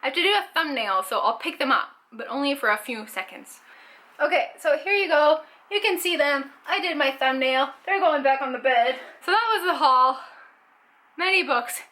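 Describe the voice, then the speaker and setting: A woman's voice: high voice, expressive, normal speed, sharp tone. A young Canadian woman chatting enthusiastically about her book haul in a casual vlog, with lots of fillers. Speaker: book vlogger.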